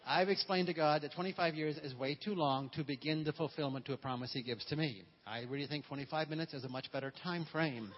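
Heard through a muffled recording with a little hiss or hum, a pastor with a fairly high voice delivers a funny sermon. He leads call-and-response, getting the congregation to echo his lines.

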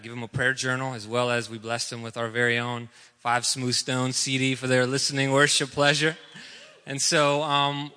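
A man's voice: medium pitch, sharp tone, long reverb tail. A man leading a church service, upbeat as he rallies the congregation to pray. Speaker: ministry leader.

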